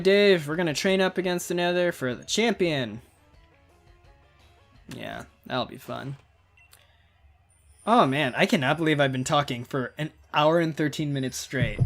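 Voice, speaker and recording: A man's voice: fairly high pitch, fairly bright tone. A man in his twenties giving rambling, casual commentary while playing a video game. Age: 20s. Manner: chatty, rambling, laughs often. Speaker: gaming video creator. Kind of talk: casual let's-play commentary.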